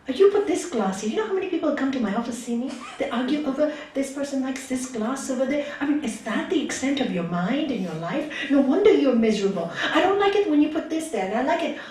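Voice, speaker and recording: A woman's voice: high-pitched, darkish tone, slight background noise. A woman spiritual teacher giving an earnest talk to a gathering, asking many rhetorical questions, recorded from far off in an echoey hall. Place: meeting hall.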